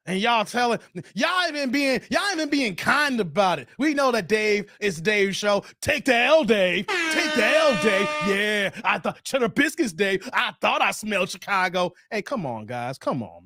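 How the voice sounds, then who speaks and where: A man's voice: high voice, sharp tone, no room sound, studio quality. A man hosting his own live show, reading viewer comments aloud and taking their jokes with playful protest. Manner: joking, reacts to viewer comments. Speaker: host. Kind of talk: livestream chat reading.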